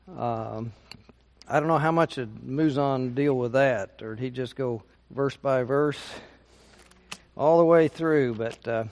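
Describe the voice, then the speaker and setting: A man leading a Bible study, reading a chapter aloud and adding his own unhurried comments. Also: medium pitch. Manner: unhurried, reads aloud with asides. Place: church meeting room.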